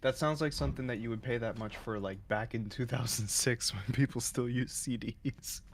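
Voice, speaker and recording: A man's voice: mid-range voice, normal speed, vocal fry, a little hiss or hum. Chatty man on a livestream. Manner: rambling, laughs often, jumps into silly voices. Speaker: streamer co-host. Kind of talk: casual stream chat.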